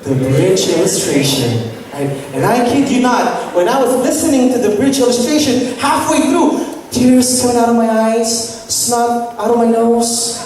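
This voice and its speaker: A young woman from the Philippines gives a lively camp sermon and often asks the audience "right?". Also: a little high, unhurried, crowd noise. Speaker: camp speaker. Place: large hall at a church summer camp. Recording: echoey hall, distant mic, faint noise.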